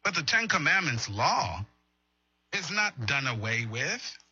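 A man's voice: a little high, very animated, a little slow, pushed and bright, slightly rough, no echo, highs cut off. A man giving an earnest morning Bible lesson on a livestream, asking his audience questions and often repeating or restarting his words. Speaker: preacher.

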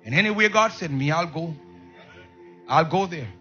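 A high, bright, slightly husky male preacher delivers a call-and-response sermon, shouting one moment and dropping to soft asides the next, often stumbling over repeated words. The recording is dull and lo-fi. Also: expressive, moderate pace, soft background music. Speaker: pastor.

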